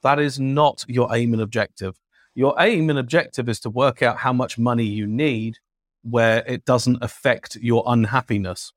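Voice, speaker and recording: A man, an energetic, talkative guest on an interview show. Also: normal speed, no room sound, clean studio sound. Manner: energetic, talkative, jumps up in pitch. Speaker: guest, travel points expert. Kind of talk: lively interview talk.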